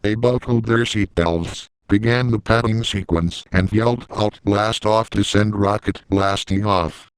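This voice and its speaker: Male reader of a creepypasta, slow and steady, smooth clear voice, dry close sound. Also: lowish voice, no echo, low-quality recording. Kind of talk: reading a fan-written creepypasta story.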